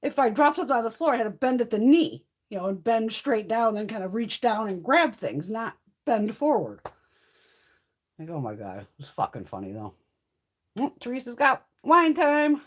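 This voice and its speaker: A woman's voice: a little high, big pitch swings, normal speed. A woman hosting a casual livestream chat, swearing freely and laughing through her stories. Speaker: livestream host.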